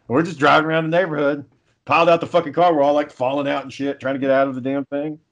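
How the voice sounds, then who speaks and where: A man's voice: a little high, flat delivery, fast, lo-fi sound. A man in casual chat, telling stories in a laid-back way, swearing often and chuckling.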